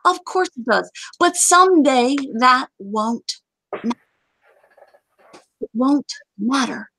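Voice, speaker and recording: A woman's voice: sits high, lively intonation, slow pace, vocal fry, bright, forceful tone, no echo. A woman hosting a casual gaming chat, talking in a chatty, joking way with sudden exclamations. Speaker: game community host.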